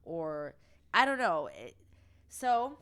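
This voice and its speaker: A woman's voice: on the low side, very animated, slow pace, fairly bright tone. A woman hosting a podcast in casual chat, gushing and talkative, laughing often in a studio. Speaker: podcast host.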